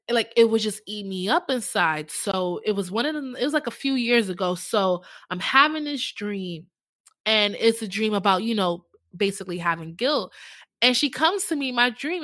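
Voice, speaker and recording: Young woman, bright high voice, dry close sound, emotional storytelling, animated quoted voices. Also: moderate pace, dry recording. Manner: emotional, animated, acts out voices in her stories. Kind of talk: casual podcast storytelling.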